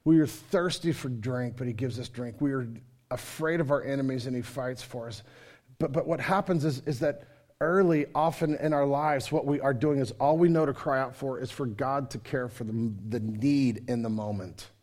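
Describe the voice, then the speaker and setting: A male pastor preaching a sermon, rising loud and quieting low as he talks. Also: moderate pace. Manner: dynamic preaching, swings from loud to soft.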